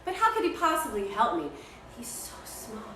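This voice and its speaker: A woman voicing a gentle, grateful male whale with a soft, fond manner. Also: a little high, wildly swooping pitch, moderate pace, heavy reverb, far from the mic, a little hiss or hum.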